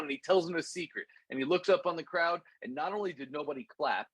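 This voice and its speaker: Man, course instructor, animated storytelling, slightly high voice, husky. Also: quick pace, hardly any pauses, no echo. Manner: animated, repetitive, addresses listeners as "guys". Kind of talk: energetic storytelling lesson.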